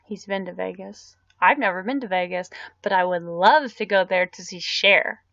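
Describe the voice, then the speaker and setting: Live-stream host, woman, mid-range pitch, casual rambling replies to chat, dry lo-fi webcam audio. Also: moderate pace, a bit bright, no room sound. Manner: rambling, answering viewer comments aloud.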